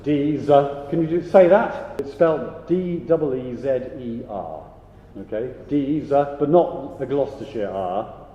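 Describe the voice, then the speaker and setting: A man directing a choir rehearsal, briskly giving notes, counting the singers in and singing example phrases. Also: medium pitch, dark tone. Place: large rehearsal hall. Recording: echoey hall, dull lo-fi sound.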